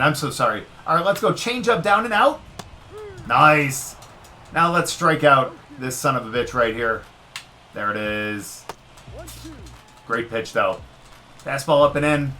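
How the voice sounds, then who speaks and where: A man giving casual let's-play commentary on a baseball video game, excitable and talking straight to the game as he cheers and groans at each pitch. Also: a little hiss or hum. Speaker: gaming video creator.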